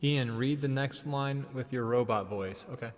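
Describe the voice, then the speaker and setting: A woman's voice: a bass voice, moderate pace. A woman co-hosting a let's play, making dry, joking, laid-back asides about the story. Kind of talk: casual gaming commentary.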